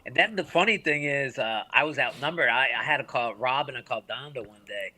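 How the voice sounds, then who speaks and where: Bright-voiced man telling a rowdy story. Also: medium pitch, brisk. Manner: animated storyteller, acts out quotes, drops to hushed voice. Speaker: podcast co-host. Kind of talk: casual storytelling chat.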